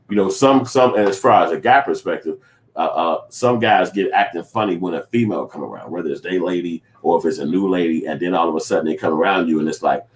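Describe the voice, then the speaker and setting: A man's voice: deep voice, quick pace. A man filmmaker in a casual commentary vlog, rambling and profane, acting out little quoted scenes. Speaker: filmmaker and vlogger.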